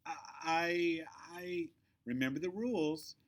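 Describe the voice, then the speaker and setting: A man's voice: a little high, slow, pitched above the performer's own voice. A man doing an earnest little schoolgirl. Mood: nervous. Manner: bright, earnest, stammering when nervous. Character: spunky, anxious third-grade girl.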